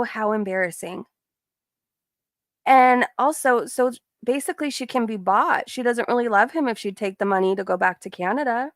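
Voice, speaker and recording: A woman's voice: on the high side, no echo, studio quality. A woman casually commenting on clips and reading chat messages aloud on a live stream, often breaking into giggles.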